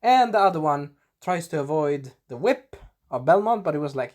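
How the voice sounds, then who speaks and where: A man giving a casual spoken episode recap, animated and breaking into character voices, clearing a scratchy throat. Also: brisk. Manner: animated, acts out characters in sudden high voices. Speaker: video reviewer.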